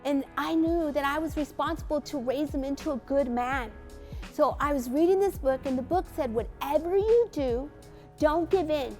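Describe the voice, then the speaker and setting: A woman pastor giving parenting advice through a lively personal story, acting out the voices of those in it. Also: high-pitched, moderate pace. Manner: animated storytelling, acts out quotes. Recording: faint music behind.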